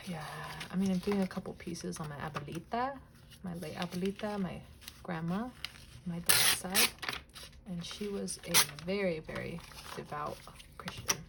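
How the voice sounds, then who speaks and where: A woman's voice: lowish voice, measured pace, vocal fry, very noisy. Giggly rambling young woman crafting. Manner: rambling, giggly, swears casually, slips into soft whispers. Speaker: crafting vlogger. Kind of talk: casual chatty crafting vlog.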